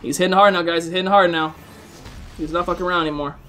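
A man hosting live gameplay commentary, excitable, swearing often and chatting to his viewers. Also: sits high, fast, a little hiss or hum. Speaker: gaming video host.

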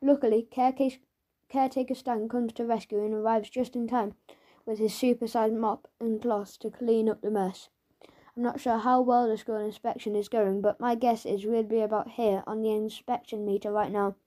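Mellow woman narrating a children's book. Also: fairly high pitch, normal speed. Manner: lively first-person storytelling as a schoolboy. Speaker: audiobook narrator.

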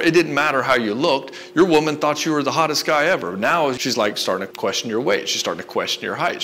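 Male dating coach, mid-pitched voice, earnest and direct, talks to camera. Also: fairly bright tone. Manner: earnest, repetitive, leans on "right?" and "and so". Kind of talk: direct-to-camera advice talk.

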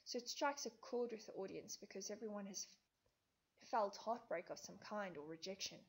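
A woman teacher talks through a classic play, rewording each old line into everyday speech. Her voice is husky and a little breathy. She speaks at a medium pitch in an even, explanatory manner. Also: normal speed. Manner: paraphrases old lines into plain modern speech. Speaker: English teacher. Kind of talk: explaining a play in a lesson video.

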